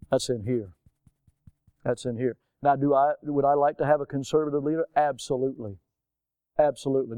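A man's voice: mid-range voice, dark tone, smooth, dry recording. A male pastor preaching a sermon, posing rhetorical questions and repeating key words for emphasis, then leading a prayer. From United States.

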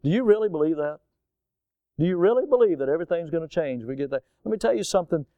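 A man's voice: a little high, expressive, fast, mellow, dry recording, muffled recording. A male pastor preaching a sermon, posing rhetorical questions and repeating key words for emphasis, then leading a prayer. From United States.

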